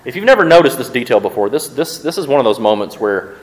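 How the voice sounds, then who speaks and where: A male pastor preaches in church in a medium-pitched voice with big pitch swings, talking conversationally to his congregation. He often repeats words quickly as he thinks aloud, and the recording is rough.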